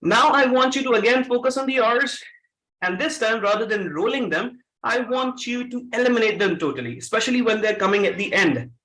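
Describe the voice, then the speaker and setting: A man's voice: very high voice, expressive, fairly quick, pushed and bright. A man leading an interactive pronunciation workshop, energetically coaxing his audience with questions. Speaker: speaker at a public-speaking club. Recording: echoey meeting room.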